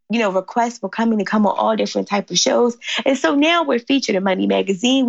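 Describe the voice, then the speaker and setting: A woman from Philadelphia, a company founder, telling stories animatedly in an interview and acting out quotes with big jumps in pitch. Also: creaky, dry recording, dull audio. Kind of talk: animated storytelling in conversation.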